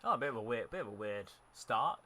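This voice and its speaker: A man's voice: mid-range voice, expressive, fast, pushed and bright. A young man streaming a football game, chatting casually with viewers and reacting to the match. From United Kingdom. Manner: chatty, answers chat messages while narrating gameplay. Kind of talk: casual live-stream commentary.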